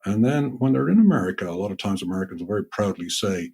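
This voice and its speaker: A man's voice: lowish voice, expressive, fast, creaky, warm tone, breathy edge. A man hosting an interview, building a point at length before asking a question. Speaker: podcast host.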